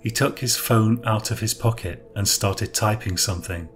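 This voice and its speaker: A man narrating a dark thriller story in a measured, even reading voice. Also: fairly low pitch, soft background music.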